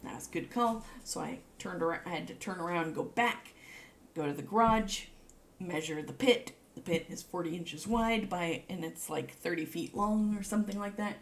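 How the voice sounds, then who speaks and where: A woman rambling through a casual show-and-tell vlog, gushing in a high voice and dropping to whispers over cute little things. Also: moderate pace. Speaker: vlogger.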